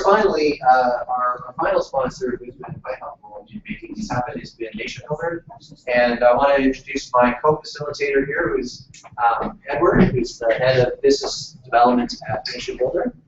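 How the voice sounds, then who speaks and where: A man's voice: medium pitch, animated, moderate pace. A man running a workshop, talking casually with lots of fillers and restarts. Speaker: workshop facilitator. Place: meeting room. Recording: echoey room from far off, muffled, noisy.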